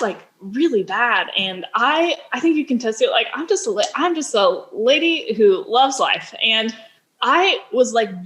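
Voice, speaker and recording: A woman in her thirties speaks as a podcast guest, telling a candid personal story. Her pitch sits in the middle for a woman. She talks in a chatty way, scatters "like" through her sentences and acts out quoted dialogue. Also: a bit bright. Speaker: podcast guest, business founder.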